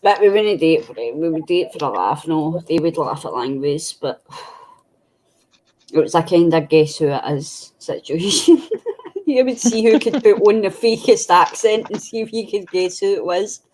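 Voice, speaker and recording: A woman's voice: lowish voice, lively intonation, normal speed, darkish tone. A woman chatting casually on a craft stream over a video call, laughing often. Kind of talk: casual chat.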